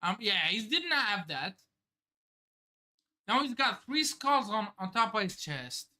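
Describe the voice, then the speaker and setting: Man, live manga reaction streamer, excitable, swears a lot, bright voice, slow drawn-out talk. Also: high voice. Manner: excitable, swears, narrates pages aloud.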